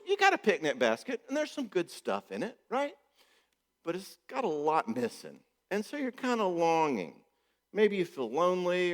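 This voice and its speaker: A man gives a joking, conversational conference talk as a marriage therapist, often checking in with the audience. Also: mid-range voice. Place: church hall. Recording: echoey church hall.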